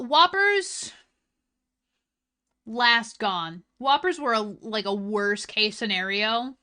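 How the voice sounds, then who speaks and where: A woman streamer in casual chat, ranting with heat and swearing, swinging between loud outbursts and low mutters. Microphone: desk mic.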